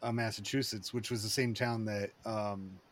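A man talking in a rambling, excitable way, with lots of fillers and restarts, in a casual chat. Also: on the low side, normal speed, slight background noise.

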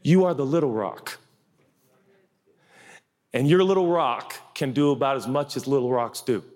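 A man preaching a sermon as a pastor, animated, acting out quotes with big leaps in pitch and loudness. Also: moderate pace. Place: church hall. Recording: long reverb of a large hall.

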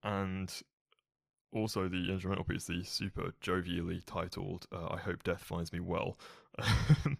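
Deep-voiced, sweary man. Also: creaky, dry recording, clean studio sound. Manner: enthusiastic, sweary, filler-heavy. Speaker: podcast co-host. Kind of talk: casual chat.

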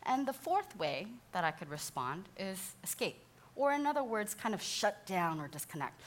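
Lady in her 30s doing a church teaching talk, lively, acts out the quotes, laughs a lot, middle pitch. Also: moderate pace. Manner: animated, acts out quoted voices, laughs often. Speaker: speaker, counselor. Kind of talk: sermon-style teaching talk.

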